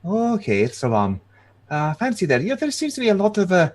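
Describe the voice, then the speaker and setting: A man's voice: sits high, wildly swooping pitch, moderate pace, voice pushed up, full character voice. A man voicing a timid, fussy old woman adventurer who frets and stammers. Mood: wary chatter. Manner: fretful, flustered and stammering.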